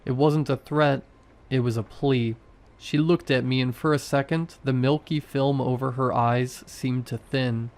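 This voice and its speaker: Male horror narrator, slow unhurried delivery, terse short sentences, first person. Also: mid-range voice, steady tone, darkish tone.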